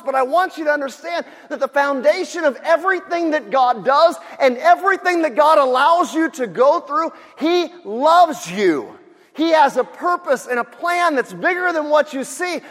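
A male pastor with a very high voice delivers an animated sermon. He swings from loud outbursts to quiet storytelling. The room has a long, ringing reverb.

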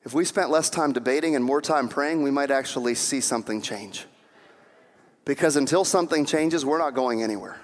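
A man's voice: medium pitch, fairly quick. A man preaching a sermon as pastor, acting out quoted voices and building to fervent emphasis. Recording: long hall reverb.

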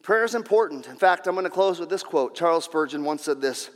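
A man preaching a sermon as pastor, impassioned and repetitive, swinging between loud and hushed. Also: a little high, lively intonation, a little fast, hardly any pauses, big-room sound.

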